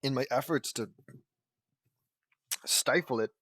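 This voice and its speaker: A man's voice: mid-range voice, takes it slowly, a bit bright, a little hiss or hum. A man reading fan fiction aloud as an audiobook at a home mic, often breaking off into rambling, exasperated asides.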